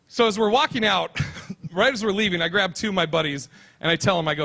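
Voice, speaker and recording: A male stand-up comedian telling a story on stage in a brash, fast-moving way. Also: sits high, creaky, sharp tone.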